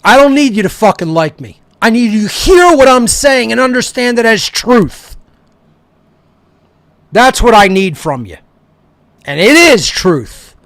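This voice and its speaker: A man's voice: extremely high pitch, sing-song, measured pace, pauses often, a bit bright, no room sound. A male talk show host delivering a heated, profane, confrontational monologue straight at his listeners. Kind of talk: angry ranting monologue.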